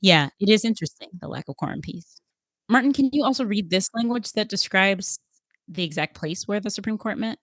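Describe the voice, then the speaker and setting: A woman's voice: mid-range voice, lively intonation, fairly quick, a bit bright, no echo, clean studio sound. A woman co-hosting a podcast, explaining things carefully and steering the talk with questions to her partner. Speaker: podcast co-host.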